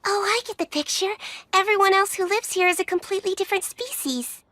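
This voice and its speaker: A high-pitched young witch girl. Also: fairly quick, bright, forceful tone, no room sound. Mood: earnest. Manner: polite, earnest. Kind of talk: anime English dub.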